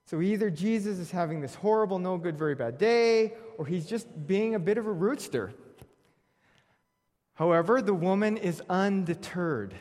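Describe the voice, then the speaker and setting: A man's voice: high voice, a little mellow. A man preaching a sermon, telling a scripture story with wry humor and reading verses aloud. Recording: long reverb of a large hall.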